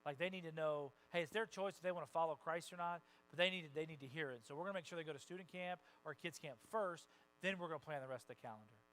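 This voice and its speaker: A man preaching a sermon as a pastor, conversational and animated, acting out the voices of the people he quotes and swinging from soft asides to loud bursts. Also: fairly high pitch, quick pace, poor audio. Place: church sanctuary.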